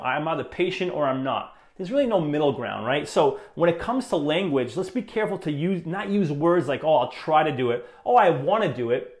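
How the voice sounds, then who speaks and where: Upbeat motivational man, slightly high voice. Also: roomy sound. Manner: earnest and encouraging, with many "you know" fillers. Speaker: podcast host. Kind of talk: motivational solo podcast.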